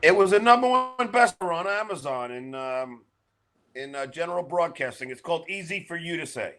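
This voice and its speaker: A man guesting on a podcast, telling stories loudly in casual chat. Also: fairly high pitch, a little fast. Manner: loud, animated storyteller.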